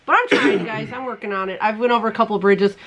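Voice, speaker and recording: A woman hosting a crafting channel, telling stories in a casual chat, animated and quick to laugh as she acts out her own panic. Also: medium pitch, lo-fi sound, a crowd in the background.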